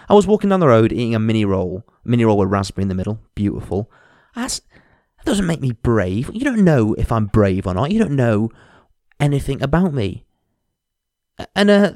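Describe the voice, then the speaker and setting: A man's voice: on the low side, very animated, fairly quick, darkish tone, no room sound. Young guy ranting on his podcast, swears a lot, mocks people, dry close sound. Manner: frank, sweary and self-mocking, with mocking impressions. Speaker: podcast host. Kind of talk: candid solo podcast monologue.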